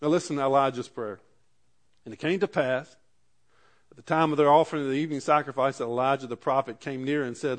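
A man's voice: medium pitch, steady tone, quick pace. A pastor preaching a sermon, reading scripture aloud and then driving his points home with rising emphasis.

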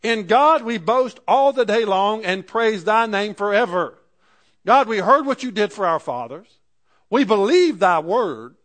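A man's voice: high-pitched, expressive, measured pace, a bit bright. A man preaching a sermon, reading scripture aloud and explaining it in everyday words. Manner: reads scripture aloud and paraphrases it in plain speech.

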